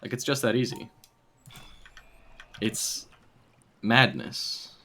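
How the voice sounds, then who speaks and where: A man's voice: medium pitch, slow pace, bright, forceful tone, slight background noise. A man chatting casually on a game stream, rambling between puzzles and laughing often. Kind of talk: casual gaming stream chat.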